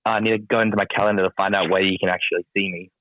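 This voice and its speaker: A man's voice: sits low, little pitch movement, rapid-fire, dry recording, lo-fi sound. A man, a pro wrestler as guest, talking casually with dry, self-deprecating humor. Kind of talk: casual interview chat.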